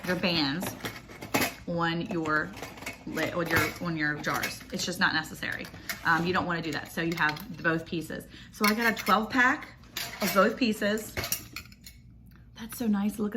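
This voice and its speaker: A woman, chatting excitedly and gushing as she unboxes a package for her vlog. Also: on the low side, slight background noise. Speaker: homestead vlogger. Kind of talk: casual unboxing chat.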